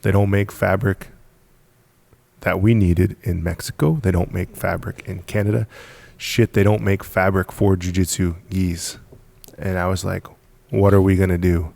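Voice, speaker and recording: A man's voice: low voice, fairly even intonation, measured pace, vocal fry, darkish tone. A man talking as a podcast guest, telling his story in an emphatic, punchy way with repeated phrases. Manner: emphatic, repetitive, punchy storytelling with frequent laughs. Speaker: podcast guest, business founder. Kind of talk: casual storytelling in conversation.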